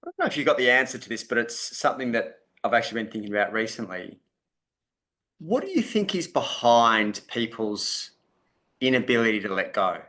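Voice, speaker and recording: A man's voice: mid-range voice, sing-song, brisk, sharp tone. A man hosting a podcast, asking thoughtful, reflective interview questions. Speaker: podcast host.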